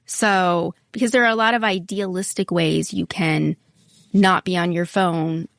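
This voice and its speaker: A woman co-hosting a marriage podcast, calmly explaining and steering the conversation. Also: on the low side, unhurried, gravelly, no echo, studio quality. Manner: steady, explanatory, steers the talk. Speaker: podcast co-host. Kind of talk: casual chat.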